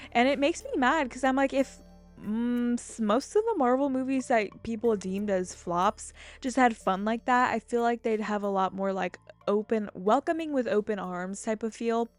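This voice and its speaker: Rambling, excitable young woman gamer. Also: mid-range voice. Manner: rambling, excitable, swears freely. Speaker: gaming YouTuber. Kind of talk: casual gameplay commentary.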